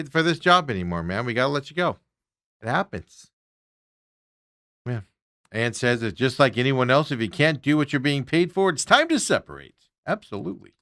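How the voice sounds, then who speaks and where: A man's voice: medium pitch, no echo, clean studio sound. A man hosting a sports talk show, giving opinionated, mocking rants on baseball clips and reading out viewer comments. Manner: ranting, mocking, animated.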